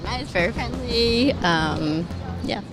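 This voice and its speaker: A woman answering an interviewer's questions on a city street in a warm, friendly way. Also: fairly high pitch, expressive, slow, music in the background. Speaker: passer-by.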